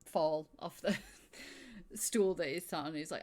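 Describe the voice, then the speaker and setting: A woman's voice: fairly low pitch, expressive, measured pace, darkish tone. A woman running a tabletop game as game master, narrating casually with lots of "kind of, like".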